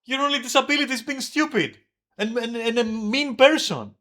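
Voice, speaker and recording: Male streamer, high bright voice, angry profane venting. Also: brisk. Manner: heated, profane, yelling at times. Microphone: desk microphone.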